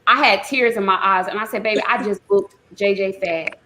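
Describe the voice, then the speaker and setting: A woman's voice: medium pitch, steady tone, moderate pace, pushed and bright. Effusive woman host. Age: 40s. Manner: effusive, emotional, laughing often. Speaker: talk show host. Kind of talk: casual live chat. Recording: noisy live stream audio.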